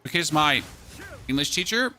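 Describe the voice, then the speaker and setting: A German-accented man chats his way through a live game stream, answering viewers and making fun of himself. His voice sits a touch high and rings bright and forceful. Faint game music plays under him. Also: moderate pace. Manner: chatty, answers chat, self-mocking, animated exclamations. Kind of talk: casual live-stream chat while gaming.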